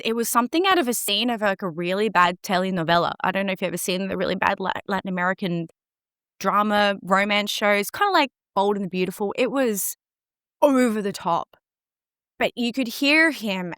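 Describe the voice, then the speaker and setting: A woman's voice: medium pitch, fairly quick, a bit bright, no echo, studio quality. Earnest woman telling a personal story. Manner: earnest, emotionally open. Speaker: guest recounting events.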